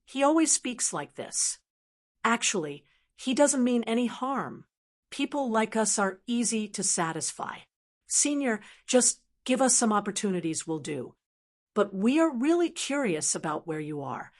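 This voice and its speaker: Calm young male prodigy, reasoning and persuasive, woman narrator reading; audiobook. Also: fairly high pitch, unhurried.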